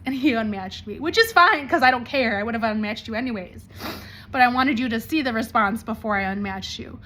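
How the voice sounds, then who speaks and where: A woman in her forties with a bright, high-pitched voice talks straight to camera. She is blunt and animated, with swearing scattered through her talk. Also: fairly quick. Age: 40s. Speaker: vlogger.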